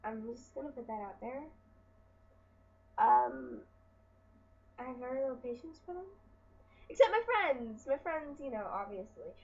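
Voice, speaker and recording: Chatty teen girl, high voice, lo-fi. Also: a little slow, long pauses. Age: teens. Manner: chatty, exasperated, animated retelling. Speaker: vlogger. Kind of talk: casual storytelling vlog. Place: at home.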